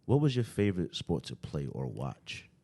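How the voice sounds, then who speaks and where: A man's voice: extremely low pitch, huge pitch swings, normal speed, dark tone, slightly rough. A young man with a Brooklyn accent hosting a casual podcast chat, streetwise and full of fillers. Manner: streetwise, fillers like "you know what I mean". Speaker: podcast host.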